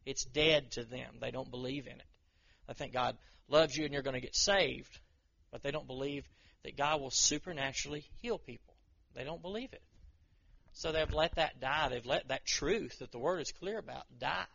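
A man's voice: mid-range voice, normal speed, gravelly, fairly bright tone, muffled recording. A man preaching a sermon in a conversational way, acting out people's inner voices as he goes. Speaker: pastor.

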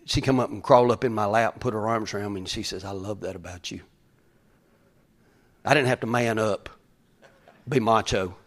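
A man preaching a folksy sermon as pastor, swinging from loud calls to hushed whispers. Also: on the low side, fairly even intonation, fairly quick.

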